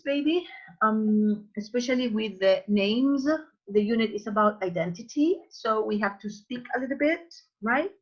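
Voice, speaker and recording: A woman teaches English pronunciation over an online call, saying words again and again so students can copy them. Her voice sits at an everyday pitch. The sound is dull and lo-fi. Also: a bit bright. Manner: drills sounds slowly, repeating words, calls students babies.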